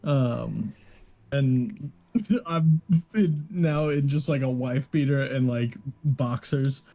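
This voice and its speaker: Slow, laid-back young man playing a game. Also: medium pitch, warm tone. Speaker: player. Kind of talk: tabletop game play.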